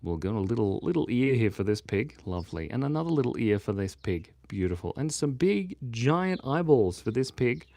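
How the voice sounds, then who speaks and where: A man's voice: mid-range voice, sing-song, normal speed, gravelly, few pauses, dark tone, no echo. A man live-streaming himself drawing, chatting playfully and rambling with his viewers from his home in Australia. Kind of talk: casual livestream chat while drawing.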